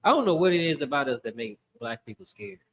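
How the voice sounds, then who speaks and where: Animated man hosting a podcast. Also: medium pitch, fast, highs cut off. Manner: animated storytelling, acts out voices. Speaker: podcast host. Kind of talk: casual podcast chat.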